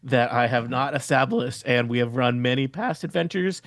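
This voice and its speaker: A man's voice: mid-range voice, normal speed, dry recording, clean studio sound. A man running a tabletop game as game master, rambling through scene descriptions with jokes and frequent laughter. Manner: rambling, joking, laughs often. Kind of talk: narrating a tabletop game, casual chat.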